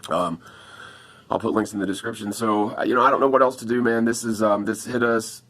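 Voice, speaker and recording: A man's voice: fairly low pitch, steady tone, brisk, fairly bright tone. A man talking to camera on a phone in a rambling, profane casual vlog, upset after an attack and asking viewers for help.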